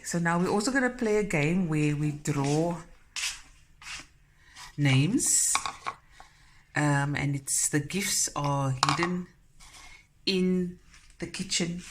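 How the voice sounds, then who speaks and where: A woman's voice: low voice, slight background noise. A South African woman hosting a cooking channel, chatting in a homely way as she shows her guests' gifts and food at home. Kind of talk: casual vlog chat.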